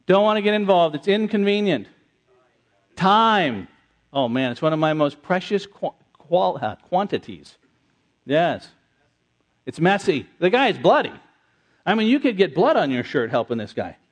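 A middle-aged man preaching an interactive sermon, conversational and animated, repeating answers from the congregation. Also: fairly high pitch, measured pace. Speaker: pastor.

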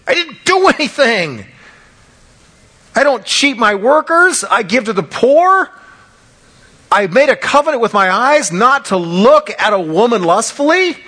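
A man's voice: extremely high pitch, big pitch swings, measured pace, pushed and bright, voice pushed up, heavily acted. A man voicing an anguished, suffering man who demands answers and protests his innocence, in a strained, rising voice. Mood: protesting.

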